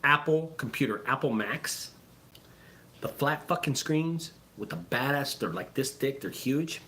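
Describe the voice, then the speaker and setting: A man who runs a junk removal business, talking casually and excitably to his viewers, swearing freely and repeating himself. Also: mid-range voice, unhurried, slight background noise. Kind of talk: casual profane vlog talk.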